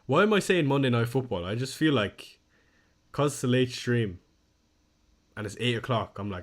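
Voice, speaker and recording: A man's voice: mid-range voice, animated, normal speed, long pauses. A young man, casually chatting on a live stream, reading out viewer comments and poking fun at his own slip-ups. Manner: chatty, self-deprecating, reads chat aloud. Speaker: fantasy football streamer.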